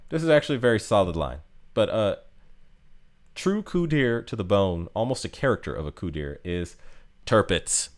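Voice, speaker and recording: A man casually talking through a game character ranking, rambling with many fillers and restarts. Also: fairly low pitch. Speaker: game guide youtuber.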